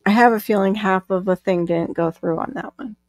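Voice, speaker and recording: A woman's voice: mid-range voice, brisk, dry recording. A woman co-hosting a casual live stream, chatting, reading out viewer comments and laughing often.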